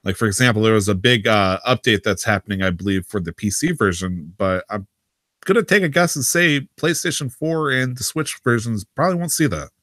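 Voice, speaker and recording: A man's voice: expressive, a bit bright, no echo. Joking man on a dry podcast mic. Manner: joking, drawn-out uhs, jumpy pitch when joking. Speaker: podcast co-host. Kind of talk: casual gaming podcast chat.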